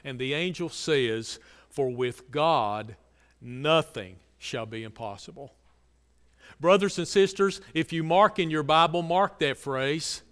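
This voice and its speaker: In a church sanctuary with long, ringing reverb, a pastor with a fairly high voice delivers a slow sermon. His tone is smooth and resonant as he preaches earnestly, repeating key phrases for emphasis and then dropping to soft, low lines.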